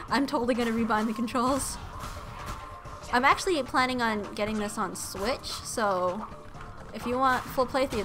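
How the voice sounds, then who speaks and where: A woman streamer with a fairly high voice gushes excitedly through let's-play commentary, slipping into cutesy baby talk. Game music plays faintly behind her.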